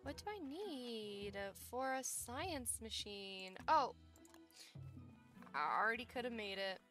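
Young woman, gaming streamer, unhurried, bouncy pitch, casual chat. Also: lively intonation, a bit bright, faint music behind. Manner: chatty, playful, talks to chat and herself.

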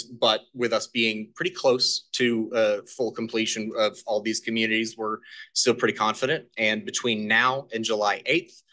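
A man walks a committee through planning data in a public meeting. His voice is bright and forward, and his talk is halting, full of fillers and restarts. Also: mid-range voice. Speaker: staff presenter.

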